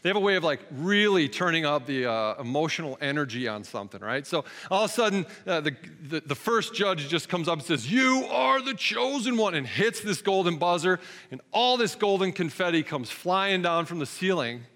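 Pastor guy in his 30s, bright higher voice, chatty storytelling sermon, big echoey church. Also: expressive, brisk, hardly any pauses. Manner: conversational storytelling, acts out his own lines. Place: church sanctuary.

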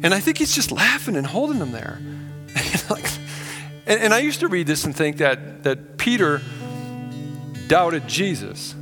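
A man's voice: fairly high pitch, very animated, measured pace, long pauses, long reverb tail, music in the background. A man preaching a sermon as pastor, earnest and conversational, acting out quotes as he goes.

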